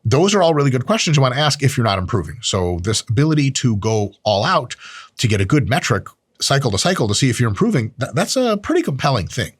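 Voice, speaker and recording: A man giving a casual, animated training explanation, full of swearing and jokes. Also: medium pitch, quick pace, breathy edge, no echo, clean studio sound. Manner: animated, profane, jokey. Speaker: strength training educator.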